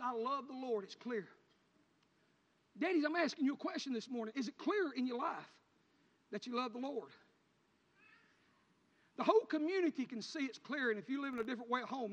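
A man preaching a sermon in a church, swelling into loud, fervent preaching with country turns of speech. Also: extremely high pitch, a little fast. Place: church sanctuary. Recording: hall reverb, dull lo-fi sound.

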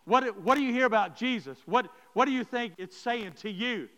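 A pastor preaches with a high, bright voice. He keeps turning to his congregation to stress his point. Long reverb from the hall trails after each phrase. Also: moderate pace. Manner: emphatic preacher addressing the congregation directly. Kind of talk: sermon storytelling.

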